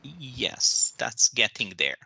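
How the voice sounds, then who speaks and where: A man gives a one-to-one pronunciation lesson over a video call. He explains patiently and slowly, breaking each word into its sounds. His voice is gravelly with a bright, forceful edge. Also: mid-range voice, very animated, low-quality recording. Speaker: English tutor.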